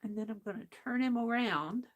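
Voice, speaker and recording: A woman hosting a crafting livestream, chatting casually and talking to herself while she works. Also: on the high side. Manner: slow, chatty, talks to herself while working.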